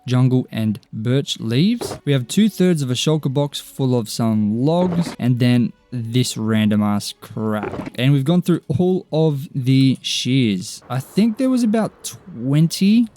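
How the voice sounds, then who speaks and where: A man's voice: medium pitch, animated, takes it slowly, hardly any pauses, mellow, slight background noise. A young man giving casual, upbeat gameplay commentary, chatty and poking fun at himself. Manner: chatty, upbeat, self-mocking. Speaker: gaming YouTuber.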